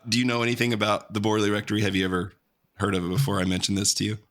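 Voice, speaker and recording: A man's voice: lowish voice, completely flat delivery, racing, fairly bright tone. A man hosting a podcast in casual, laid-back chat, joking and swearing easily. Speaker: podcast host.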